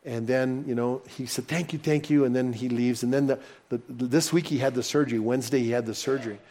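A man preaching as a pastor, telling personal stories to his congregation with lively, rising excitement. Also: medium pitch, a little fast. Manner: animated, personal anecdotes told warmly to a congregation. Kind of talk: sermon storytelling.

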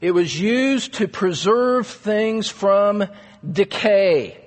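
A pastor with a fairly high voice delivers an earnest sermon at an unhurried pace. His words ring out with a long hall reverb, as if spoken in a church sanctuary. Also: lively intonation. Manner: earnest, emphatic preaching with repeated stresses.

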